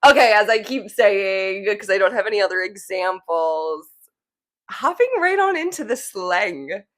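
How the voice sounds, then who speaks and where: A woman's voice: mid-range voice, animated, measured pace. A woman in her twenties from New Jersey with a slight New Jersey accent, hosting her show in a chatty, rambling way full of "like". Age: 20s. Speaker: podcast host. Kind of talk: casual chat.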